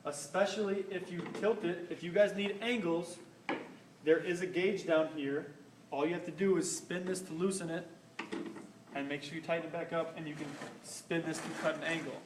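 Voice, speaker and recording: Recorded through a faraway camera microphone, the roomy audio carries background noise behind a young shop safety instructor. His voice is fairly high with fairly even intonation at normal speed, as he moves around a band saw in a school workshop, casually demonstrating its safe use. He keeps it informal, repeating "basically" and "rule of thumb".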